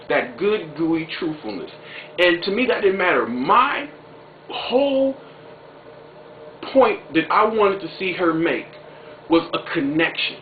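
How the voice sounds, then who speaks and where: Man vlogger, excitable and emphatic, slangy talk; lo-fi phone-like sound, faint hiss. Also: on the high side. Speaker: video blogger. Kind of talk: opinionated political vlog commentary. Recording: tinny echoey home recording with faint noise.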